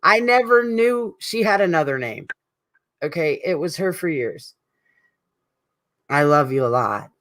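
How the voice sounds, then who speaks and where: Speaking at a measured pace with long pauses, this middle-aged person has a mid-range, slightly bright voice and lively intonation. At a support group meeting, they give a heartfelt, emotional, rambling tribute spoken straight to an absent friend.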